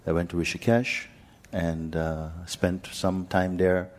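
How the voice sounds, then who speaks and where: A man who teaches spirituality, telling a personal story to a gathering in a gentle, unhurried way with frequent pauses. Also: low-pitched, flat delivery. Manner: gentle, unhurried, pausing often. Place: talk hall in India.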